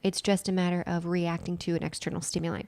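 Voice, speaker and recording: A woman's voice: on the low side, level tone, quick pace, creaky, a little mellow, no room sound. A woman co-hosting a podcast, explaining ideas step by step in casual chat and repeating key phrases for emphasis. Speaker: podcast co-host and nutritional therapist.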